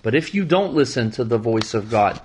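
A man's voice: mid-range voice, animated, moderate pace, husky. A middle-aged man teaching a verse-by-verse scripture lesson, reading passages dramatically and adding wry asides. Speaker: Torah teacher.

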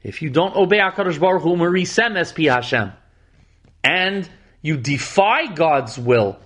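A man's voice: a little high, expressive, normal speed, a bit bright. A middle-aged man teaching a verse-by-verse scripture lesson, reading passages dramatically and adding wry asides. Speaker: Torah teacher.

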